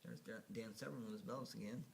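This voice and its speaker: A man's voice: on the low side, fairly even intonation, brisk, creaky, slight background noise. A man casually narrating a slideshow, rambling and hesitant, full of fillers and restarts, chuckling at his own remarks. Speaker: video narrator.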